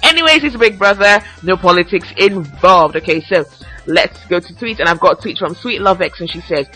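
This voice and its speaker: Casting: woman host, bright, forceful tone, chatty solo podcast, quick to laugh, faint music underneath. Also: on the low side, low-quality recording. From Nigeria. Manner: lively, chatty, laughs a lot. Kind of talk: casual solo podcast chat, reading fan tweets.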